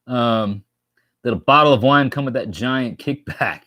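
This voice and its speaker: A man's voice: medium pitch, a little slow, pushed and bright, dry recording, clean studio sound. A man from New York hosting a casual live stream, joking and rambling as he reads viewer comments aloud.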